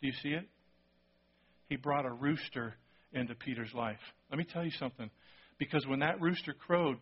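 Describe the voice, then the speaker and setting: A man preaching a sermon, telling a story with lively acted-out quotes and sudden drops to a hushed voice for emphasis. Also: mid-range voice, breathy edge, highs cut off. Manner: animated storytelling, acting out quotes, dropping to a hush for emphasis. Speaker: pastor.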